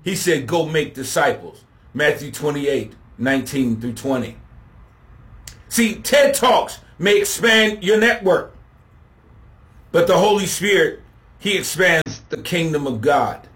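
A man preaches a sermon slowly and emphatically, building up to shouted refrains as he contrasts his points. His pitch is fairly high and his intonation lively.

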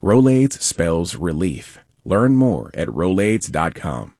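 A man reading a scripted sponsor message in a lively announcer style. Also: low-pitched, takes it slowly, no room sound, studio quality.

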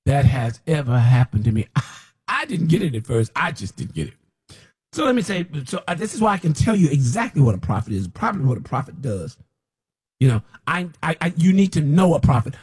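A man's voice: mid-range voice, a little mellow, husky. A man preaching an unscripted, scolding sermon as a self-described prophet, repeating himself as he presses his point.

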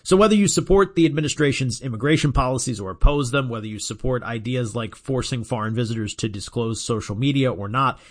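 A man reads a radio commentary at a measured, even pace. His voice sits at a middle pitch.

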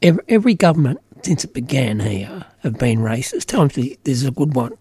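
A man's voice: medium pitch, very animated, brisk, dark tone, breathy edge, dry recording. A middle-aged Australian man with an Australian accent, talking earnestly and emphatically in casual political conversation, with many "you know" fillers.

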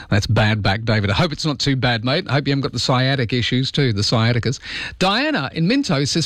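An Australian man hosts late-night talk radio, joking his way through listener texts and emails. His voice sits at an ordinary middle pitch. The studio sound is close and dry, with no room echo. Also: sing-song, fairly quick, fairly bright tone. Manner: chatty, jokey, reads listener messages aloud with wry asides. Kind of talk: casual talkback radio chat.

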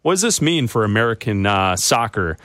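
A man's voice: on the low side, very animated, fairly quick, a bit bright, no echo. A man hosting a sports talk radio show, debating with his co-host and taking callers. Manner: conversational, takes callers.

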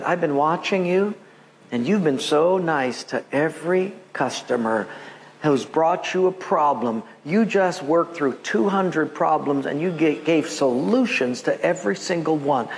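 A man preaching a sermon, telling stories and acting out the voices of people in them. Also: slight background noise. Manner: storytelling, acts out quoted voices with big pitch jumps. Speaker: pastor.

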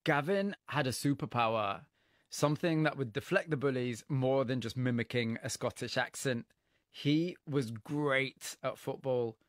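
A man presenting a radio program, narrating a story in a measured way and interviewing a guest. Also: medium pitch, no room sound, clean studio sound. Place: radio studio. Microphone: studio mic.

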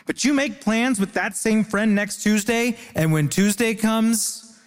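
A man from Ontario, a comedian on a panel, trading wry, deadpan, self-mocking quips. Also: sits high, measured pace, in a large hall. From Ontario, Canada. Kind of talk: stand-up style quips.

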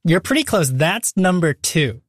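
A man hosting a casual science show, explaining facts in a relaxed, chatty way. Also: a little high, a little slow, slightly rough, no room sound, clean studio sound. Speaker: podcast host.

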